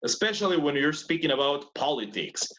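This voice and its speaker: A man leads an English lesson over a video call. His voice rises and falls a lot, which keeps it lively. He patiently repeats each question until a student answers. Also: a little high, fairly quick, low-quality recording. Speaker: English teacher. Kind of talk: online class teaching.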